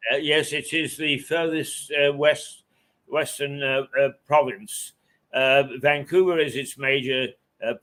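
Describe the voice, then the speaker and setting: Older man telling a halting story. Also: fairly high pitch, fairly bright tone. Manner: halting, with frequent hesitations and chuckles. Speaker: interview guest. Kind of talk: reminiscing anecdote in conversation.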